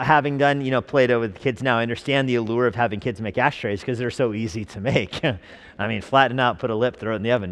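Male pastor, conversational sermon style with rhetorical questions; medium pitch, long church reverb. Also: fairly bright tone.

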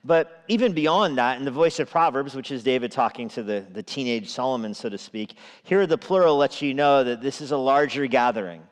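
A man's voice: mid-range voice, animated, fairly quick, hardly any pauses. A male pastor giving an evening sermon in a conversational way, with asides and chuckles. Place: church sanctuary. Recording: long reverb of a large hall.

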